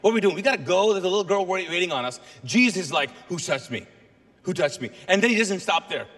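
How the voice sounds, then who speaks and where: Animated high-voiced preacher in a reverberant hall. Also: male voice, rapid-fire. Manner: animated storytelling, acts out voices of biblical figures. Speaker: pastor. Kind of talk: sermon.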